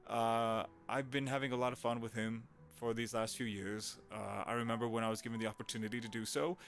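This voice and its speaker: A man's voice: medium pitch, little pitch movement, brisk, a bit bright, soft background music. A man in his thirties, a voice actor chatting casually and rambling on a live stream, greeting viewers.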